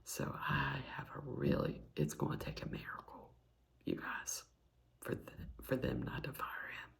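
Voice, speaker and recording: Whispering Southern woman with a gravelly voice. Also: big pitch swings, unhurried. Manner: soft whisper mixed with low voiced speech. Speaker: ASMR channel host. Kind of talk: whispered ASMR chat.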